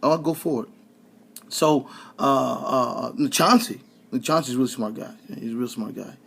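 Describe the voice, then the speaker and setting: A man with a husky voice at an ordinary middle pitch, ranting sarcastically about politics. He talks straight at his listeners in loose, colloquial speech, and he keeps stumbling into repeated words as he pushes on. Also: measured pace, a bit bright. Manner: sarcastic, heated, stammering repeats; addresses listeners directly, colloquial. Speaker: commentator.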